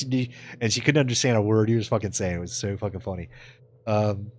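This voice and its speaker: A man's voice: lowish voice, fairly quick. A man live-streaming in casual chat, answering his viewers with loose, profane jokes and frequent laughter.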